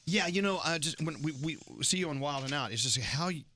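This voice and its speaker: A middle-aged man hosting a radio show, asking questions in a halting way with restarts. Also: a little high, lively intonation, pushed and bright, a little hiss or hum. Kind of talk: interviewing a guest. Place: radio studio.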